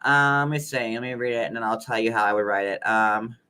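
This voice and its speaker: A man's voice: medium pitch, a little fast, pushed and bright, clean tone. A man hosting a casual commentary show, chatting loosely with many fillers and reading comments aloud. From United States. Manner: chatty, lots of "like" and restarts, reads comments aloud.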